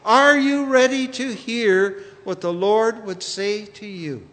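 A man preaching a sermon in an earnest, unhurried way, quoting scripture often. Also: high-pitched, fairly bright tone, in a large hall.

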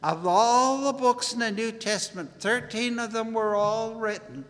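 A man preaching an earnest gospel sermon at a meeting, in a deliberate, measured way. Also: very high voice, a bit bright. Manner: earnest, slow and deliberate preaching, biblical phrasing. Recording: long hall reverb.

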